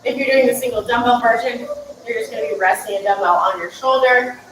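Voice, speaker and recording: Woman, fitness coach, live workout cues, chatty and upbeat, slightly high voice. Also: steady tone, a little fast, background noise. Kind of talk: live-streamed workout instruction.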